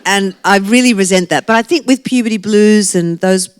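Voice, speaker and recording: A woman's voice: mid-range voice, normal speed, smooth, no echo. A woman in her sixties, an author talking to a live audience in a brash, joking way and laughing often. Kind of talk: lively talk to a live audience. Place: library talk event.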